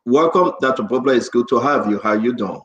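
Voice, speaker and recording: A man's voice: medium pitch, animated, brisk, reverberant, muffled recording. A man hosting a casual online talk show, chatty and upbeat, drifting into preachy asides.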